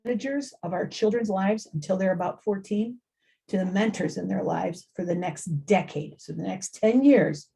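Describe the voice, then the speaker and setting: Animated woman giving a parenting talk. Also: medium pitch. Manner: animated, acts out quoted voices, repeats phrases. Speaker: family engagement speaker. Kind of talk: informal parent workshop talk.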